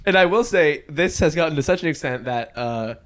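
Young male co-host, wry and teasing, somewhat higher voice. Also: lively intonation, fairly bright tone. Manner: wry, teasing, quick asides. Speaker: podcast co-host. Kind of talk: casual chat.

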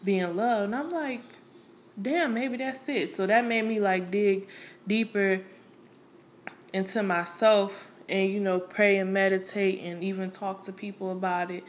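A woman's voice: medium pitch, fairly even intonation, measured pace, slight background noise. A young woman talking casually to camera, candid and blunt, full of "you know" and "like" and plenty of cursing. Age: young adult. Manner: candid, blunt, and streetwise, with frequent profanity; conversational, with many fillers like "you know" and "like". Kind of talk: casual opinion monologue.

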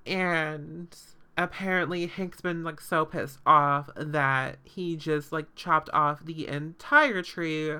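A woman's voice: low-pitched, fairly even intonation, takes it slowly, few pauses, bright, forceful tone, clear, resonant tone. A woman hosting a podcast, recapping a show in casual, sarcastic chat full of fillers and swearing.

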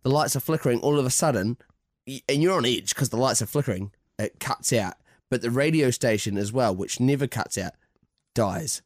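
Man, middling pitch, dry close mic, excitable storyteller, podcast guest. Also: brisk, no echo. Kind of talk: casual storytelling.

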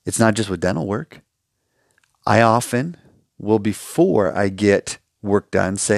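A man's voice: on the low side, lively intonation, measured pace, vocal fry, no echo, clean studio sound. A man hosting a solo advice podcast, talking emphatically and with passion, acting out short dialogues. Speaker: podcast host.

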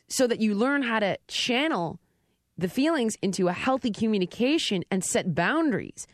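A woman's voice: fairly high pitch, sing-song, moderate pace, no echo, studio quality. A middle-aged woman talking casually and animatedly, acting out quoted lines with big swings in her voice. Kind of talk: casual conversation.

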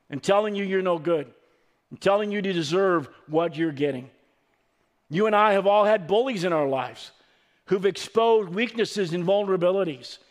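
A pastor delivering a sermon, a man whose voice sits noticeably high for his sex. He preaches earnestly and emphatically, pressing some lines and dropping others to a near hush. Now and then he stumbles and restarts a phrase.

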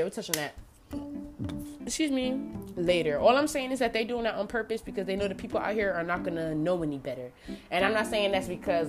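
A woman from New Jersey hosting her own podcast in a casual, animated monologue, swearing freely and calling her listeners y'all. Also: lowish voice. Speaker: podcast host. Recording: music playing under voice.

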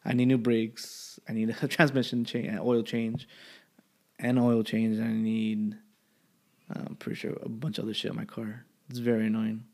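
A man's voice: on the low side, little pitch movement, a little fast, vocal fry, a little mellow. A young man, a college student, in a rambling, profane casual chat. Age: young adult.

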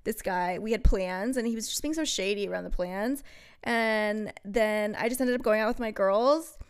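A woman's voice: medium pitch, moderate pace, smooth. A young woman co-hosting a podcast, talking bluntly in casual chat with many fillers. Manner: chatty, blunt, full of fillers. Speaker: podcast co-host.

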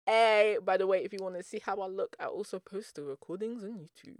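A Nigerian man hosting a solo motivational podcast, bubbly, energetic and playful, full of slang and calling listeners "boo boo". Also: high voice, brisk, dry recording, clean studio sound. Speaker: podcast host.

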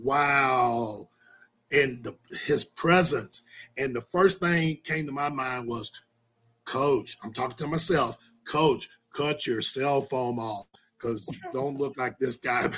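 Male coach guest, raspy mid-pitch voice, rambling folksy storyteller. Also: a bit bright. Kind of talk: casual chat.

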